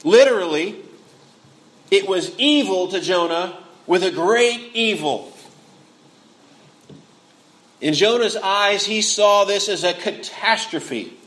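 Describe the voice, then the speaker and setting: A man with a notably high voice delivers a sermon in an earnest, expressive way. He often repeats words mid-sentence, and he brings the quoted lines to life with feeling. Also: slow, long pauses. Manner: frequent word repeats. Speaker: preacher.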